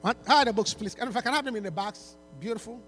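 Man, pastor at a church appeal, high voice, pleading, stammering restarts. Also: very fast, fairly bright tone, slight background noise. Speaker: pastor launching a book.

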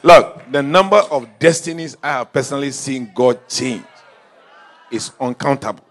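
A male pastor preaching a sermon in a church, telling stories and swinging from quiet asides to shouted calls. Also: medium pitch, normal speed, soft background music.

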